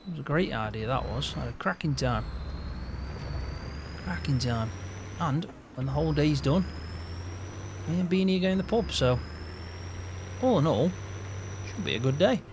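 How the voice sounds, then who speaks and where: A man's voice: fairly high pitch, lively intonation, moderate pace, pauses often, background noise. A man playing a farm hand in a game role-play, chatting to himself and laughing often.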